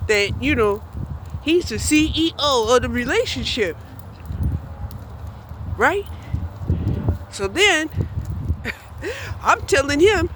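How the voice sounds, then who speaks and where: Slow-talking lady in her 60s, high voice, blunt and frank, keeps saying "right?", faint noise behind her. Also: fairly bright tone, rough recording. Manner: blunt, keeps checking in with "right?" and "you know". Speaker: vlogger. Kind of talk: candid personal monologue.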